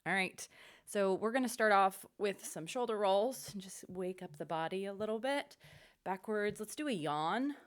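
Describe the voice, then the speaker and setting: A woman's voice: mid-range voice, normal speed. Encouraging woman vocal coach. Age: middle-aged. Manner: upbeat, encouraging instructions. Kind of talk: guided vocal warm-up lesson.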